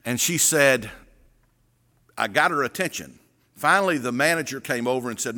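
A middle-aged man, a pastor telling a story and then reading scripture in a sermon, folksy and deliberate. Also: medium pitch, expressive, sharp tone. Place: church sanctuary. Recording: reverberant sanctuary.

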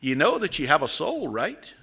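A man's voice: on the high side, huge pitch swings, normal speed, pushed and bright, slightly rough, in a large hall, full character voice. A man voicing an earnest new parson who insists and repeats himself. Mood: insistent.

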